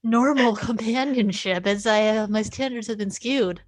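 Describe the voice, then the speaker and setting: A woman's voice: a little high, normal speed, dry recording. A woman player in casual chat, teasing and stammering as she talks.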